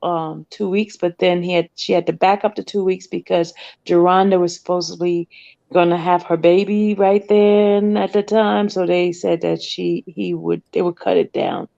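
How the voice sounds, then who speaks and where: A woman guest explains case details in a casual conversation. Her voice sits low and gravelly, and the audio is dull and lo-fi. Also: normal speed, mellow. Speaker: guest commentator. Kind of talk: casual chat.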